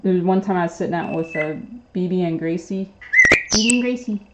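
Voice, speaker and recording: A woman's voice: fairly low pitch, a little fast, lo-fi sound, very noisy. A woman host casually telling a long story on a livestream, rambling with many fillers and restarts. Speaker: pet bird channel host.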